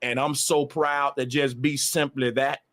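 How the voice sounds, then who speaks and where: A man's voice: medium pitch, level tone, measured pace, fairly bright tone. A man on a livestream, ranting emphatically with a lot of profanity and repetition. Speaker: live streamer. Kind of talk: casual livestream rant.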